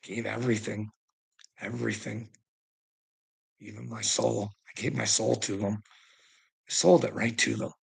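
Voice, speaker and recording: A man's voice: on the low side, flat delivery, measured pace, vocal fry, pauses often, husky. A middle-aged man, ranting agitatedly in a personal vlog, swearing constantly with bitter laughs. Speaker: vlogger.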